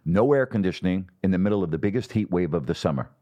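Middle-aged man, low voice, lively storyteller, sports broadcaster. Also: fast, lo-fi sound. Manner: animated storyteller, acts out quotes. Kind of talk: storytelling in a podcast interview.

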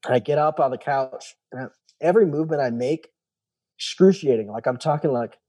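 In a mellow, medium-pitched voice, a young man talks briskly through his own story as a guest. He rambles loosely and relays what others told him with lines like "he's like." There's no room sound.

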